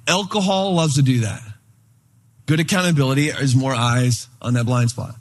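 A man preaching a sermon in a relaxed, conversational way, telling a story and voicing the people in it. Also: a little high, moderate pace, breathy edge. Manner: conversational, animated retelling with quoted voices. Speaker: pastor.

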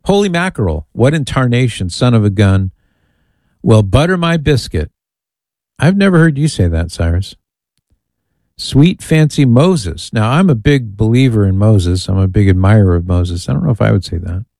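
A man's voice: lowish voice, expressive, moderate pace, creaky, darkish tone, dry recording. A man hosting a call-in radio talk show, chatty and amused as he reads listener emails aloud. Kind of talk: casual call-in radio chat.

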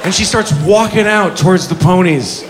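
Male comedian, stand-up, high voice, animated, profane, live audience laughter, noisy room. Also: crowd noise. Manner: animated and profane, with quick shouts.

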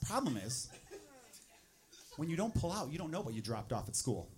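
A man doing a stand-up comedy set, swinging into loud, exasperated acted-out asides. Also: fairly high pitch, big pitch swings, moderate pace, a crowd in the background.

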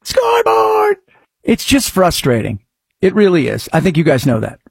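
A middle-aged man hosting a talk show, speaking sarcastically and breaking into mock shouts. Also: on the high side, sing-song, brisk, gravelly, husky, dry recording, studio quality. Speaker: radio talk show host. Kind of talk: sarcastic political talk commentary.

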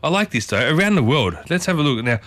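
A man's voice: a little high, sing-song, fast talker, fairly bright tone, no echo. A man hosting a morning radio show, chatting casually and playfully, often restarting his sentences. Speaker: radio host. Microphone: studio microphone.

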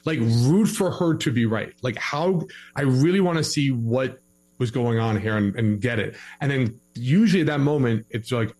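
Animated man giving relationship advice. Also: mid-range voice, normal speed. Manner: animated, acts out both sides of arguments. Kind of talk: casual podcast conversation.

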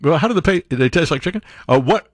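A male talk radio host riffs on the news with biting sarcasm and mock disbelief. His voice sits a little high and swings widely in pitch. The studio sound is dry and close. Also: fast, no room sound. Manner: sarcastic, incredulous, animated. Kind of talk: political commentary on talk radio.

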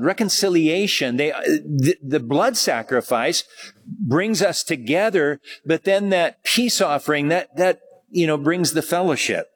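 A man teaching verse by verse from the Bible, reading passages and then explaining them in a conversational way. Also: fairly high pitch. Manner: conversational, with fillers and small laughs. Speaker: pastor.

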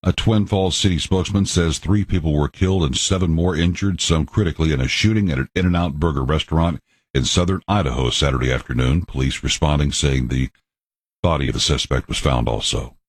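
A man reading radio news headlines in a measured, matter-of-fact way. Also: very deep voice, husky, dry recording, clean studio sound. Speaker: news anchor.

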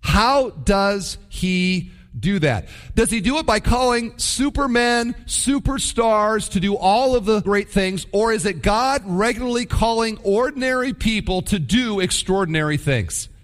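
A man preaching a sermon. He is animated and acts out the voices of the people he quotes. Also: high voice, a little slow, hardly any pauses. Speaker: pastor.

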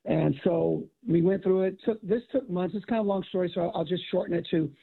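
Gravelly high-voiced man on a tinny line. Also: fast. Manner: animated storyteller acting out quotes. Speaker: guest, author and former football coach. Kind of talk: casual storytelling conversation. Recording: tinny phone-like audio.

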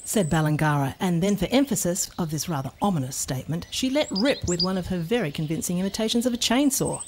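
A woman narrating a children's storybook in a playful, expressive way. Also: fairly low pitch, fast talker, background noise.

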